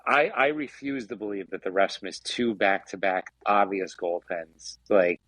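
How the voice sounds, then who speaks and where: A man co-hosts a casual sports podcast in a fairly low voice. The sound is dry and close. He chimes in with wry jokes. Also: measured pace, a bit bright, dry recording, rough recording. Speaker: podcast co-host.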